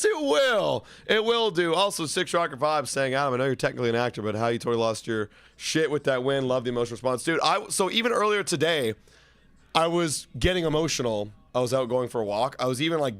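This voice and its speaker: Male co-host, 20s, excitable casual talker whose voice leaps up when worked up; dry sound. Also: mid-range voice, fast, clean tone, no room sound. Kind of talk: casual sports chat.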